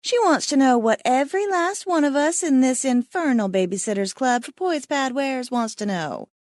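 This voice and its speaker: An elderly woman from an audiobook , played by a woman narrator. She is blunt and feisty and speaks in a plain, folksy way. Her pitch moves around a lot, and the sound is dry and close. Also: animated, normal speed, a little mellow, dry recording. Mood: teasing.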